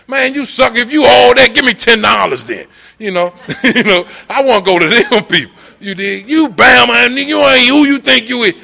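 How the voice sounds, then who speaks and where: A middle-aged man tells his own story at a recovery meeting in an earnest, conversational way, checking in with his listeners as he goes. His voice is bright and forceful, with a frank, personal testimony feel. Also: on the high side. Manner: earnest, conversational, repeats "you dig?".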